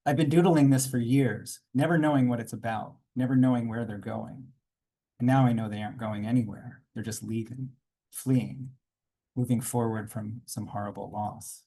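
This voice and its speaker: Male comics artist reading his memoir to a panel audience, warm, a little breathy, unhurried asides. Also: medium pitch, steady tone. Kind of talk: reading aloud from his own graphic memoir. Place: conference panel room.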